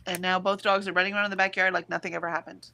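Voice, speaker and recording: A woman's voice: fairly low pitch, flat delivery, racing, creaky, very noisy. A very tired woman co-hosting a writing livestream from home, reading chat comments aloud in casual talk and laughing often. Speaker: co-host of a writing sprint livestream.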